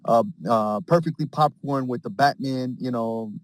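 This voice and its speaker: A man in casual group chat on an audio call, rambling excitedly with lots of slang and acting out scenes. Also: mid-range voice, normal speed. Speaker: space call participant.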